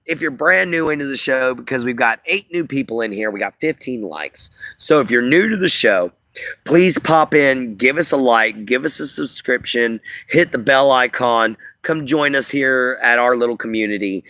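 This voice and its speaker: A man hosting a live stream, chatting at length to his viewers. His voice is bright and forceful. He rambles loosely with plenty of fillers. The sound is dry and close, with no room in it. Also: mid-range voice, no room sound. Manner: rambling, filler-heavy, talks to chat. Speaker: livestream host. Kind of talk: casual livestream chat.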